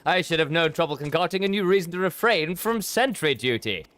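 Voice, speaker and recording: A man's voice: fairly high pitch, lively intonation, a little fast, a bit bright, pitched above the performer's own voice. A man voicing a boastful, lazy knight in a game, with a raised, theatrical voice. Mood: elated.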